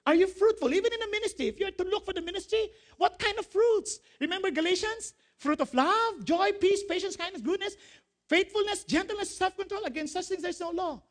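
High-voiced animated male preacher. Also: fairly quick. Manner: animated preaching, laughing at own jokes; quotes scripture, asks the audience questions. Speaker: pastor. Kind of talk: sermon.

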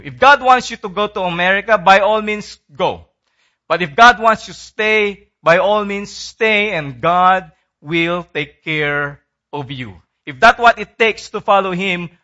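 Male preacher, high bright voice, emphatic and repetitive, dull lo-fi recording. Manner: emphatic, repeating key phrases, dropping low at line ends. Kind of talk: sermon.

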